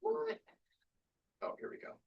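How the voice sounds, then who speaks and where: Rambling older man teaching a photo club. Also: unhurried. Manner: chatty, rambling, many restarts and fillers. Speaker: photography instructor. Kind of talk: casual workshop lecture. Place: club meeting room. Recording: distant, dull room recording.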